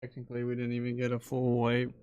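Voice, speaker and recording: A man's voice: mid-range voice, monotone, fast, darkish tone, smooth, dry recording. Swearing man telling game stories. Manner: loose storytelling, heavy swearing. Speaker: gamer in a voice chat. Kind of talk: casual gaming chat.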